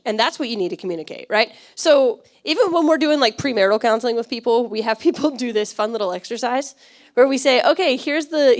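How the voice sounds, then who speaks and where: A woman pastor giving a conversational sermon, chatty and quick to laugh, often checking in with her listeners. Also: fairly high pitch. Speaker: church pastor.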